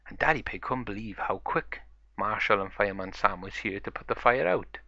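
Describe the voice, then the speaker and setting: A man's voice: on the low side, lively intonation, normal speed, gravelly, sharp tone, no room sound, muffled recording. A man narrating a toy play story in a chatty, run-on way.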